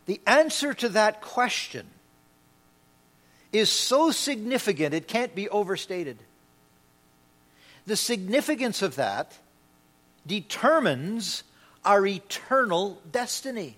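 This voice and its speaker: A male pastor preaching a sermon in a church, emphatic, swinging between loud declarations and quiet, slow asides. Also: sits high, expressive. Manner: emphatic preaching with dramatic swings in loudness and pace.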